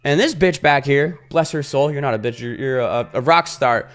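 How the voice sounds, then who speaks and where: A male YouTuber talking in a casual vlog monologue, animated, swearing freely and acting out little scenes. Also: medium pitch, moderate pace.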